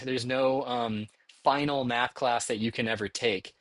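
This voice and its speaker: A middle-aged male math instructor talks through his course slides in a relaxed, encouraging manner, pausing now and then to ask "okay?". His voice sits at an ordinary pitch, and the recording is close and dry, with no room sound. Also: no echo. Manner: encouraging, conversational, frequent "okay?" check-ins. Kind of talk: recorded lecture narration over slides.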